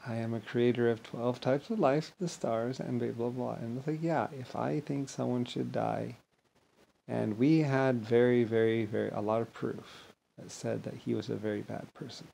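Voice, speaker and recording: Gravelly-voiced man rambling grandly. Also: medium pitch, fairly even intonation, moderate pace, dark tone, slight background noise. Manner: grandiose, rambling, mocks others with blah-blah voices. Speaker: vlogger. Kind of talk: rambling monologue to camera.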